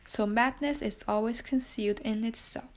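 A woman reading a classic novel aloud in a soft, hushed whisper, slow and even. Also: fairly high pitch. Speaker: audiobook narrator.

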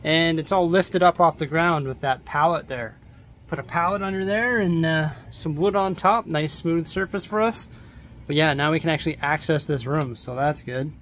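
A man's voice: fairly high pitch, normal speed, a bit bright, slight background noise. A man vlogging at home, talking casually and rambling with lots of fillers as he sorts and shows his things. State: out of breath. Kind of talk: casual vlog chat. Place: house, rooms and stairs.

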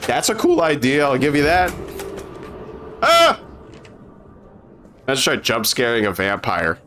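A young man giving excitable, profane reaction commentary on a game trailer, often incredulous. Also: medium pitch, a little fast, soft background music.

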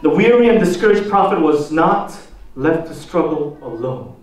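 A man preaching a sermon as pastor, posing slow, deliberate rhetorical questions to the congregation. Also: fairly high pitch, expressive, distant mic. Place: church sanctuary. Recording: echoey church hall, voice from off the mic.

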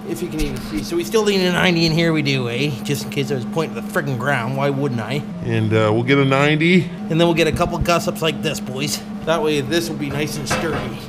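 A man's voice: fairly high pitch, quick pace. A Canadian man from Ontario giving casual, rambling commentary while he welds in his workshop. He keeps calling out to the boys and swears freely. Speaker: DIY vlogger. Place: echoey workshop garage. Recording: echoey shop with tool noise.

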